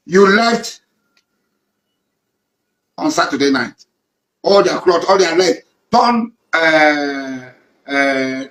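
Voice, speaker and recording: A man's voice: a little high, fairly bright tone, reverberant, rough recording. A Nigerian man giving an emphatic public statement, accusing and repeating himself for weight. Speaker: community leader.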